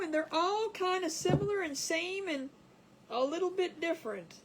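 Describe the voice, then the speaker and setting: A woman's voice: extremely high pitch, lively intonation, moderate pace, a little hiss or hum. A woman hosting a live crafting stream, chatting casually and giggling as she reads viewer comments aloud. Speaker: craft livestream host.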